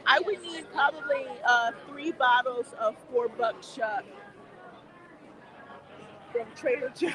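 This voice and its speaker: Chatty high-voiced woman in a crowd. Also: slow pace, pauses often. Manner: chatty, laughing, talks back to viewer comments. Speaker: livestream host. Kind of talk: casual livestream chat while walking a theme park queue. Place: outdoor theme park queue with crowds. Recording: busy crowd noise outdoors.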